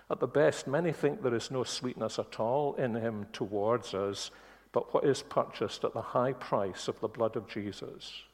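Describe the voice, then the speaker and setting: Earnest preacher in an echoing hall. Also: male voice, medium pitch. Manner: earnest, emphatic, slows down on key words. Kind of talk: sermon. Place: church. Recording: long reverb of a church hall.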